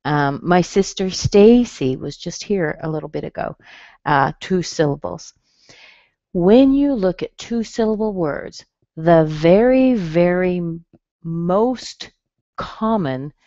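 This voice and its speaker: Slow, patient American woman teaching. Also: fairly low pitch, warm tone, dry recording, muffled recording. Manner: slow, clear and patient, modeling sounds. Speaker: pronunciation teacher. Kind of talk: webinar lesson.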